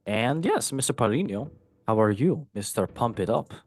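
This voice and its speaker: A man's voice: medium pitch, lively intonation, moderate pace, no echo. A man hosting a casual football podcast, reading news in a chatty, jokey way and tripping over words now and then. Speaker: host.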